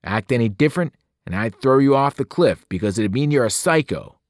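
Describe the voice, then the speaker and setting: A man voicing a blunt, gruff teenage boy leader who talks in rough slang. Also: mid-range voice, lively intonation, brisk, no room sound, clean studio sound, voice pushed up, natural voice. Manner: slangy, dropping words, rough.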